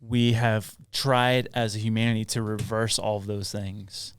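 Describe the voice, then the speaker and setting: A man's voice: on the low side, little pitch movement, measured pace, a little hiss or hum. A man co-hosting a podcast in casual chat, playful and rambling between jokes and offbeat theories. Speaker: podcast co-host.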